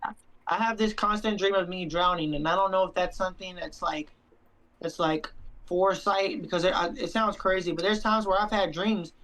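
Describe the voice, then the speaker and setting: A man's voice: sits high, steady tone, normal speed, fairly bright tone, slight background noise, rough recording. A young man and stream co-host, talking earnestly and sincerely in a heartfelt casual chat, often repeating himself. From Mexican-American.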